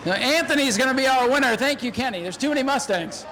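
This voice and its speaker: A man announcing a live race and interviewing drivers at an outdoor speedway, excited and shouting during the action, joking between interviews. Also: very high voice, fast. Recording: noisy outdoor racetrack.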